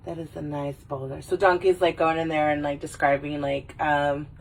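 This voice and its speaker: A tipsy woman rambles and swears cheerfully with a husky, slightly breathy voice. She sits a little back from the microphone, so she sounds distant. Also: low voice, level tone. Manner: rambling, swears a lot, does quick silly movie voices. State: a little drunk. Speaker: vlogger. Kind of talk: casual tipsy chat.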